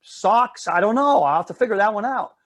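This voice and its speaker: A man's voice: high voice, expressive, a little fast, fairly bright tone, voice pushed up. A man voicing an anxious, rule-bound little girl who frets and talks herself into more and more rules. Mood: fretting.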